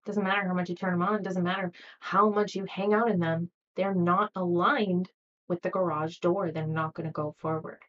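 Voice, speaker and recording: A woman hosting a motivational podcast, talking gently and coaching her listeners, sometimes acting out anxious inner voices. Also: on the low side, steady tone, moderate pace, recorded from a distance, muffled recording. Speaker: podcast host. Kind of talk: motivational solo podcast talk.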